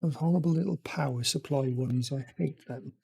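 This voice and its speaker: A man muttering quietly to himself as he chats casually on a live stream, talking through a build. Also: medium pitch, normal speed, vocal fry, husky. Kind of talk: casual live-stream chat while working.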